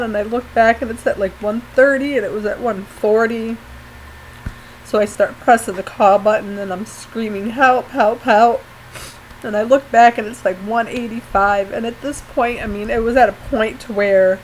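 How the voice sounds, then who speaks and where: A woman telling an emotional personal story after surgery, halting and apologetic, often near tears. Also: mid-range voice, a little hiss or hum, rough recording. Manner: tearful, apologetic, halting with fillers. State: post-surgery, pained when coughing. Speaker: vlogger.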